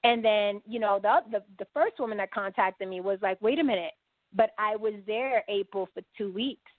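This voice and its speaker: A woman's voice: mid-range voice, moderate pace, dry recording. Woman telling a story over a tinny line. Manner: animated storyteller acting out quoted dialogue. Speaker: guest. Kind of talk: podcast interview storytelling. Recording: dry phone-line sound.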